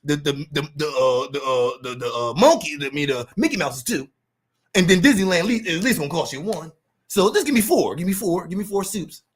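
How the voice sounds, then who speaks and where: Animated high-voiced man ranting. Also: fairly quick, slightly rough. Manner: animated, profane street slang, acts out quotes. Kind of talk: casual monologue rant.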